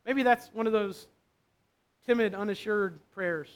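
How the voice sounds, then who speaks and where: High-voiced male pastor preaching. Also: measured pace. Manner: conversational, checks in with "right?". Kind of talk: sermon.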